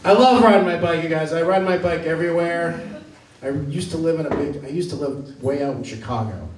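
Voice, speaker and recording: A Maine man performs stand-up on a club stage, telling rambling, self-deprecating stories in a slightly high, fairly quick voice. The echoey room is picked up from a distance, with some background noise and audience laughter.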